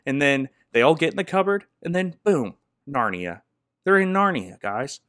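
A man's voice: a little high, very animated, normal speed, fairly bright tone, dry recording, studio quality. A man recapping a movie in a sarcastic, rambling comedic style, laughing often.

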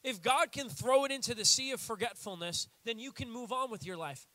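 A young American man preaching a sermon in a casual, animated way, acting out little quotes as he goes. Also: very high voice, a little fast, no echo. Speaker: pastor.

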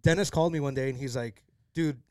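Young male co-host, quick, casual talker, constant fillers. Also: mid-range voice, darkish tone, smooth, dry recording, studio quality. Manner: fillers "like" throughout, eager to tell stories. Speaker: podcast co-host. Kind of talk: casual chat.

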